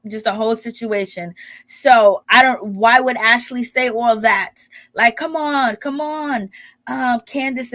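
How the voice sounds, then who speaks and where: A woman chatting casually as she recaps a reality show, gossipy and rambling, full of asides and "you know"s. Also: on the high side. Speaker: reality TV commentator.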